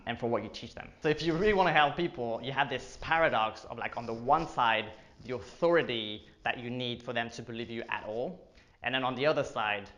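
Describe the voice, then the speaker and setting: Casual male marketing vlogger, jokey asides, mid-pitched, echoey room. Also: a bit bright. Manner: joking asides, filler-heavy. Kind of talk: casual explainer to camera.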